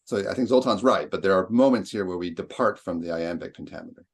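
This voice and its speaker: A man's voice: low voice, quick pace, breathy edge. A man leading a seminar discussion, thinking aloud and reciting lines with exaggerated stress. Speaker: lecturer.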